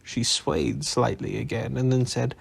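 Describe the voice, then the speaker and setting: Slow, husky bedtime storyteller man. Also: mid-range voice. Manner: calm, unhurried reading. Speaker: audiobook narrator. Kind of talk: bedtime audiobook narration.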